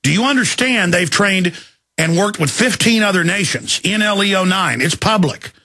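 A man in his thirties hosting a radio show, delivering an angry, shouting monologue in rapid tirades. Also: high-pitched, animated. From Texas. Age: 30s. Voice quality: gravelly, raspy. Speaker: radio host. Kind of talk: ranting talk radio monologue.

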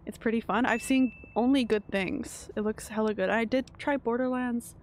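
A woman's voice: on the high side, steady tone, normal speed, a little hiss or hum. A Canadian woman streaming a video game, chatting casually with her viewers and laughing often. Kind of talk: casual gameplay commentary.

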